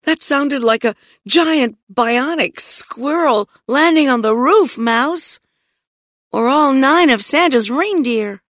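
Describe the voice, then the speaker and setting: A woman voicing an excitable, dramatic young girl in an audiobook, with high, breathless exclamations. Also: slow pace, dry recording, studio quality, exaggerated voice. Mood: awed. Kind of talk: audiobook character voice.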